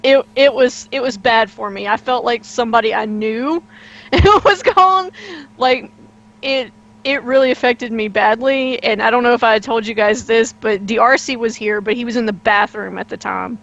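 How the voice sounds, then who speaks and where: A woman with a fairly high voice tells an embarrassing story from behind the scenes in a lively, chatty way, laughing through it. The sound is a little dull and lo-fi. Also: moderate pace, creaky. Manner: laughs through anecdotes, animated. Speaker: player and co-host. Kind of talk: casual storytelling chat.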